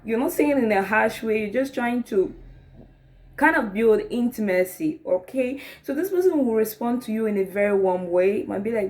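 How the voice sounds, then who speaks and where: A woman's voice: fairly high pitch, moderate pace. A woman giving casual relationship advice, talking it through conversationally and often checking in with "okay?" and "right?". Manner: acts out sample dialogue in a rising, animated voice.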